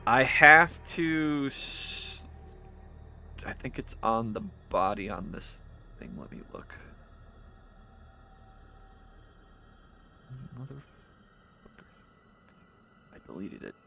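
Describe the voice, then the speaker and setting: A man's voice: medium pitch, bright, forceful tone, a little hiss or hum. A man running a tabletop game, narrating casually and rambling with lots of fillers and restarts. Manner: mutters to himself while searching notes. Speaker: game master.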